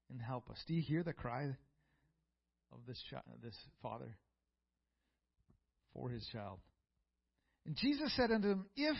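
Male preacher, gravelly and husky, fervent scripture reading. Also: mid-range voice, dull audio. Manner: reads scripture aloud, builds to fervent peaks. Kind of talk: sermon. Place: church.

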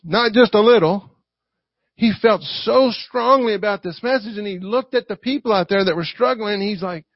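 A man with a Southern US accent preaching a lively sermon, acting out quotes and asking the congregation for responses. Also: sits high, normal speed, dry recording. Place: church. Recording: dry, dull lo-fi recording.

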